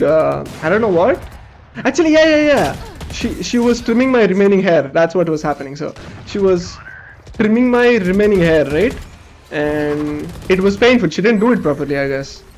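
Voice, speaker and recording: Gaming on stream, this young man spins a casual, animated story, occasionally cursing and performing the lines of the people involved. He has a high voice, with slight background noise.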